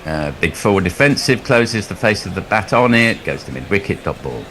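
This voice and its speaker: Deep-voiced man telling rambling cricket anecdotes. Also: expressive, normal speed, pushed and bright, slight background noise. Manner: rambling storyteller, chuckles often. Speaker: cricket commentator. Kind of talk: ball-by-ball commentary mixed with anecdotes.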